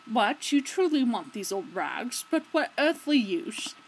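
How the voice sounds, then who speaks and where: A woman voicing a humble old male beggar who speaks in a fawning, drawn-out way. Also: fairly high pitch, sing-song, slight background noise, poor audio.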